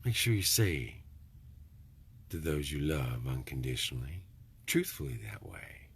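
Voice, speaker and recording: A man's voice: a bass voice, very animated, a little slow, breathy edge. A middle-aged man, rambling in a folksy, preachy vlog monologue with joking asides. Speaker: vlogger.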